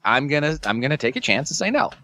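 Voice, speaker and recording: A man co-hosting a podcast in casual comedic chat, joking and cursing and drifting into quick tangents. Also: fairly high pitch, very animated, bright, forceful tone, no echo, studio quality. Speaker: podcast co-host.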